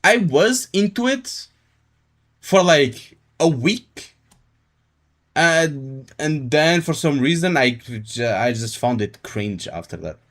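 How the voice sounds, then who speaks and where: A man's voice: on the high side, big pitch swings, slow, a bit bright. A male livestreamer chatting casually with his audience, laid-back and jokey, reacting to chat with laughs. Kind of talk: casual live-stream chat.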